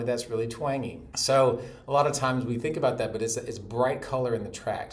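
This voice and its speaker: A man from North Carolina who explains vocal technique in a calm, steady voice, hoarse from laryngitis. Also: medium pitch, fairly quick, hardly any pauses. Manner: explains calmly, with short vocal demos. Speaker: voice teacher. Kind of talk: explanatory voice lesson.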